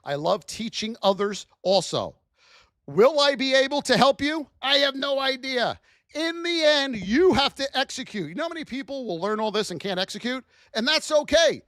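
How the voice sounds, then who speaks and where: A man teaching trading on a livestream in a fired-up, preachy way, often yelling for emphasis. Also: very high-pitched, lively intonation, normal speed, no room sound, studio quality.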